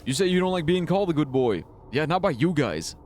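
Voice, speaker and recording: A man's voice: on the high side, big pitch swings, quick pace, a little mellow, a little hiss or hum. A man streaming a game live, rambling and swearing freely as he comments. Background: game music.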